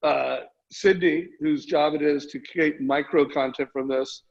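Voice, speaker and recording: Man, call host, gravelly voice, slow, dull distant audio. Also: fairly high pitch, steady tone. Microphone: video call.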